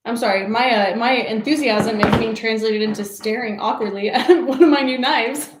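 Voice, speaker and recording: Speaking at a normal pace in a higher-than-average voice, a woman runs a relaxed show-and-tell livestream, frequently laughing and gushing. She broadcasts from a home office, and the recording carries echo and faint noise.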